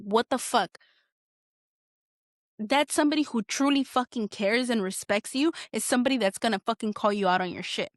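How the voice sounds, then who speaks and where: A woman's voice: a little high, no room sound, studio quality. Blunt, cursing woman in her twenties. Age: 20s. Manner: blunt, heated, heavy swearing. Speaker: podcast host. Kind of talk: candid solo podcast monologue.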